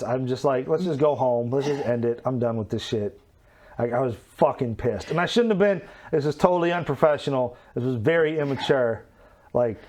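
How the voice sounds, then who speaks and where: A man's voice: mid-range voice, a little mellow. A man giving casual commentary on old wrestling footage, candid and self-critical, swearing freely. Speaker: show host.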